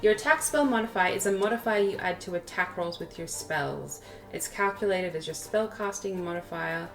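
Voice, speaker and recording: Low-voiced woman game master, music behind. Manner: relaxed, reads rules aloud, quick asides. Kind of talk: running a tabletop game, casual chat.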